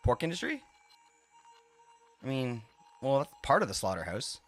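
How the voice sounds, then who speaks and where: Lively rambling man streaming a game. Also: medium pitch, moderate pace, soft background music. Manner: rambling, laughs often, swears freely. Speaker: live streamer. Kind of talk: casual live-stream chat while playing.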